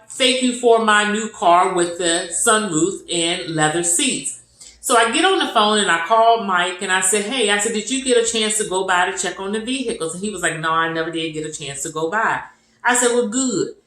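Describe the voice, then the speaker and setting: A woman's voice: mid-range voice, pushed and bright. Earnest woman telling a testimony, roomy echo. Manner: retells conversations in quoted voices, repetitive and earnest. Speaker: storyteller sharing a testimony. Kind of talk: casual personal testimony.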